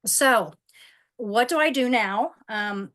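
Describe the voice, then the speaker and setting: A woman's voice: a little high, slow, fairly bright tone. A middle-aged woman giving a casual wellness presentation over a video call, conversational, with many fillers and restarts.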